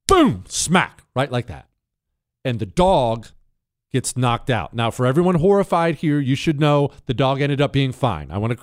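A man's voice: a little high, smooth, no echo, clean studio sound. A man hosting a talk radio show, telling a story with dramatic flair and sound effects, then answering listener questions.

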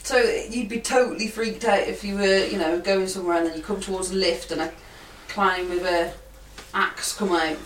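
A woman's voice: mid-range voice, fairly even intonation, moderate pace. A woman co-hosting a casual comedy podcast, joking playfully and giggling. She is recorded from a distant mic in a roomy space with faint background noise. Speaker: podcast co-host.

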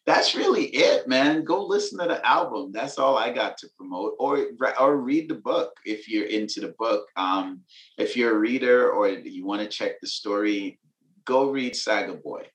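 Deep, relaxed man, casual interview guest, echoey room. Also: moderate pace. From Venezuela. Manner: relaxed, laid-back slang, laughs between thoughts. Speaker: musician and author guest.

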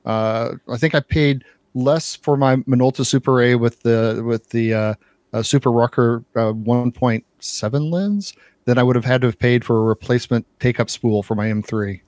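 This is a man co-hosting a podcast, chatting casually and at length, repeating words and leaning heavily on "uh" and "you know." His mid-range voice has a darkish tone at normal speed, captured as clean studio sound with no echo.

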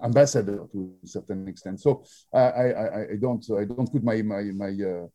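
A man with a French accent telling stories in an interview, often pausing with fillers and restarting his sentences. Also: fairly low pitch, mellow. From France. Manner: halting, many fillers and restarts. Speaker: drinks brand founder. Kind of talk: interview storytelling.

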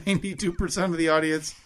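A man co-hosting a podcast in casual chat, reading out poll results and laughing easily. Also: a little high. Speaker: podcast co-host.

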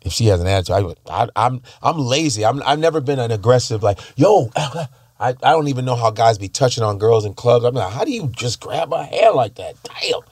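Dude rambling on, laughing, dry close sound. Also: male voice, mid-range voice, lively intonation, fairly quick, a little mellow, breathy edge, no echo. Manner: rambling, laughs easily, self-correcting. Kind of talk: casual chat.

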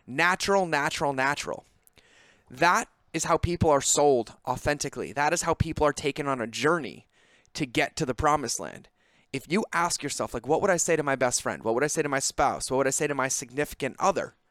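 A man's voice: on the high side, a bit bright, no room sound, studio quality. A man hosting a podcast, giving a direct, coaching business monologue that turns emphatic. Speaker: podcast host.

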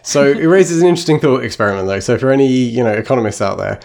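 A man's voice: mid-range voice, fast, vocal fry, a little mellow. Chatty man on a book podcast. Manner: chatty, sweary, lots of fillers and tangents. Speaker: podcast co-host. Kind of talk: casual book discussion.

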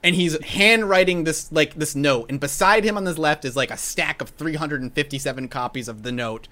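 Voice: mid-range voice, a little fast, sharp tone. A podcast host telling a history story in casual chat, with a sarcastic, mocking manner.

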